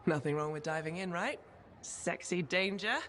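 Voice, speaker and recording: An actor playing a careless, joking pilot who gambles, in video game dialogue. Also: female voice, lowish voice, normal speed, fairly bright tone, a little hiss or hum, close to an everyday voice. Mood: breezy.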